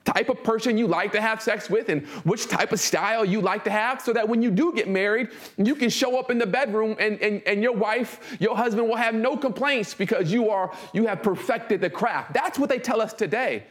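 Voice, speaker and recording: A young man preaching a sermon, reading scripture aloud and then commenting on it in casual slang, slowing down to stress words. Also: sits high. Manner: slows and stresses words for emphasis.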